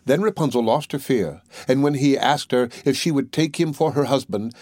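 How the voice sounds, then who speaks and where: A man narrating a fairy tale as an audiobook reader, in a measured, even reading. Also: mid-range voice, no echo, studio quality. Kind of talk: storybook narration.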